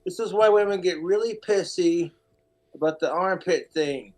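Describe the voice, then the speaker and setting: A man with a slightly high voice rants on a casual podcast. His talk is crude and blunt, and his jokes come in quick bursts. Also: a little mellow, rough recording.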